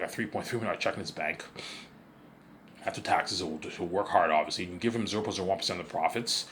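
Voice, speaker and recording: A man's voice: lowish voice, fairly bright tone, slight background noise. A man rambling through a casual vlog monologue, repeating himself often and sounding boastful and sure of himself. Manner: repetitive, boastful, self-assured. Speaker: vlogger.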